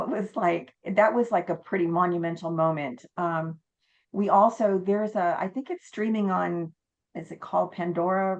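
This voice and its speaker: Lower-pitched woman guest, lively storyteller, slightly dull lo-fi sound. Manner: animated storyteller, acts out quotes. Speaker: haunted inn owner and guest. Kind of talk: casual storytelling interview.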